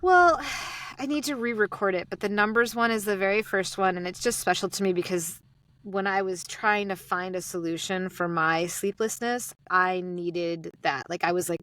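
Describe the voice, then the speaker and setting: A woman with an American accent, chatting casually as an interview guest about her sleep podcast, animated and quoting her own thoughts. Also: medium pitch, moderate pace. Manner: chatty, animated, quotes herself.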